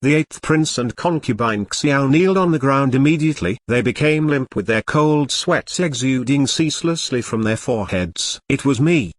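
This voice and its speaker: A man reads a web novel aloud at a middle pitch, his intonation rising and falling widely from line to line. The sound is dry and close, with no room around it. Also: animated, normal speed, few pauses, no room sound. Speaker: audiobook narrator.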